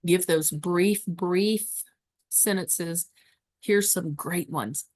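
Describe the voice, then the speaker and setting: A woman leads a webinar lesson for caregivers in a fairly low voice. She teaches emphatically and drives points home by repeating them. The sound is close and dry. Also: extremely slow, a little mellow, dry recording. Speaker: dementia care educator. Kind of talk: webinar presentation.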